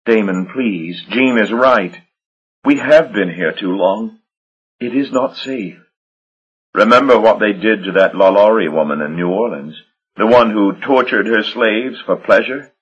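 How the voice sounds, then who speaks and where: A man's voice: measured pace, breathy edge, dull audio. A man voicing a frightened young woman vampire, raising his voice into an anxious, pleading tone. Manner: anxious, pleading, higher strained voice.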